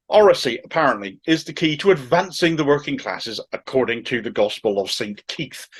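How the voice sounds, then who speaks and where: A man's voice: fairly high pitch, a bit bright. A middle-aged man from Cornwall with a thick Cornish accent, giving sardonic, opinionated political commentary to camera. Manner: sardonic, mocking asides.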